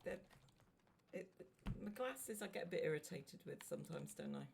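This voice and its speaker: Middle-aged woman, casual aside chat, soft and gravelly, quick laughing interjections. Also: low voice, expressive, a little hiss or hum. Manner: soft-spoken, laughing, chiming in briefly. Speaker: streamer's partner chatting off to the side.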